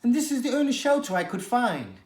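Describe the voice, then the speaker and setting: A reader doing a young male cat from a children's storybook, high-pitched and eager, pleading for help. The lines bounce up and down, and the room around the voice is echoey. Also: very animated, a little fast, natural voice. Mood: earnest.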